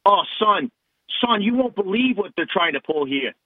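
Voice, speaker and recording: A man doing a loud Long Island old-timer. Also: sits high, lively intonation, normal speed, dry recording, narrow, tinny audio, voice pushed up. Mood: excited. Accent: New York.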